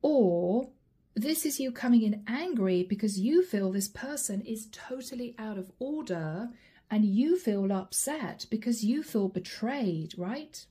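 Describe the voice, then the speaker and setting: A woman's voice: on the high side, lively intonation, a little slow, warm tone, husky. A woman giving a tarot reading, addressing the viewer directly with probing, repeated questions. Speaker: tarot reader.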